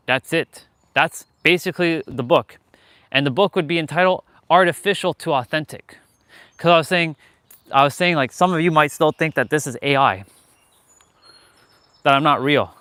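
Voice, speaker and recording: A slightly high, sharp-toned male voice comes through smooth, with no room sound. He's walking outdoors live-streaming on a handheld gimbal camera, chatting casually, candidly, and motivationally while swearing frequently.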